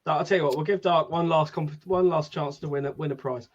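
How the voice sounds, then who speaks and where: A man's voice: fairly high pitch, steady tone, quick pace, lo-fi sound. A man co-hosting a casual podcast chat, laid-back and swearing casually. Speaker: podcast co-host.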